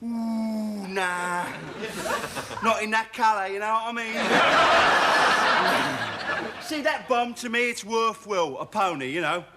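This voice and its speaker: A man's voice: sits high, a little slow. A brash Cockney wide boy. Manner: rambling patter, chuckling. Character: brash cheeky male arms dealer, wisecracking wide boy. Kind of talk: sitcom acting. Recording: noisy TV recording with studio laughter.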